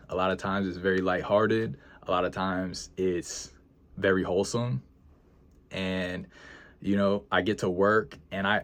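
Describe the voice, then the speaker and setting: A young man talking casually and earnestly to his viewers, emotional and reflective, with frequent sighs, hesitations and repeated phrases. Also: sits low. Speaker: freelance video editor vlogger. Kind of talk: reflective casual vlog talk.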